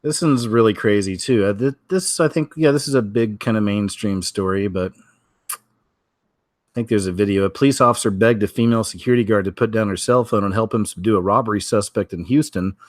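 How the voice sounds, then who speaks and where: Male commentator, relaxed and rambling, deepish voice, dry sound. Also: a little fast, no echo. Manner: laid-back, chatty, trailing asides. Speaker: video commentator. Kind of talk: casual commentary on news clips.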